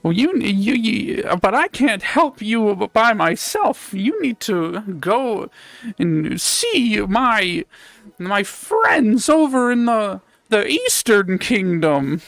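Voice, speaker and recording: A shrill old swamp witch, fussy and creaky, as a man puts her on. Her voice leaps far above a normal man's range and wobbles up and down. The delivery is slow and drawn out. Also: very animated, fairly bright tone, no room sound, full character voice. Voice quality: high strained old-lady voice.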